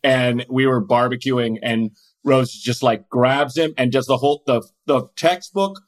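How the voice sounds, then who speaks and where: A man in his forties, chatting as a comedian guest on a podcast. He tells rambling, self-mocking stories and acts out the quotes. His voice sits at a middling pitch. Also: measured pace. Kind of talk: casual podcast chat.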